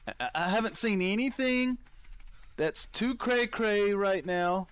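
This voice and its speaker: A man's voice: high voice, dry recording. A man giving casual let's-play commentary, chatting to his viewers and easily startled into yelps and laughs. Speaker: gameplay commentator.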